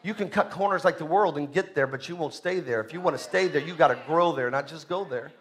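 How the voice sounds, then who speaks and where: A man, a pastor, preaching a sermon in a church, emphatic and rising loud on key points. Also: fairly high pitch, quick pace.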